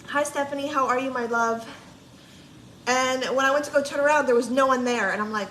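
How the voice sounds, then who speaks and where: High-pitched, pushed and bright, and fairly quick, a woman vlogging on a livestream tells a long story casually, full of "like," quoted lines and free swearing. Echo and faint background noise color the recording.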